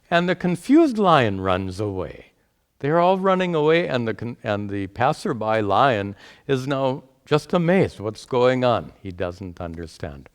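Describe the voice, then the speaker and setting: A male spiritual teacher giving a lecture and working through a parable point by point. He talks very slowly and deliberately, pausing often to explain, in a voice of ordinary middle pitch. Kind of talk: lecture with storytelling.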